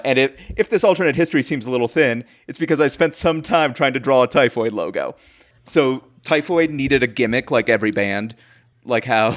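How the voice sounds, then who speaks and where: A man hosting a comedy history podcast, rambling through a made-up story with lots of fillers and chuckles. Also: medium pitch. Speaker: podcast host.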